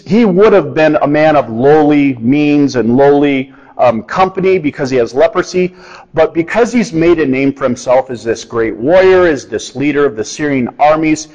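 A man's voice: on the high side, darkish tone. A middle-aged man preaching a sermon in a conversational, storytelling way, acting out the quotes. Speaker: pastor. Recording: dull lo-fi sound.

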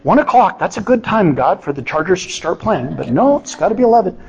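A middle-aged man preaching a sermon in a conversational, animated way with touches of self-deprecating humor. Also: high-pitched, a little fast, gravelly, highs cut off. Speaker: pastor.

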